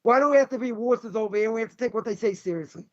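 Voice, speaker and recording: A rabbi giving a Torah lecture, blunt, combative and sarcastic. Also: male voice, very high voice, rapid-fire. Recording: dull lo-fi recording.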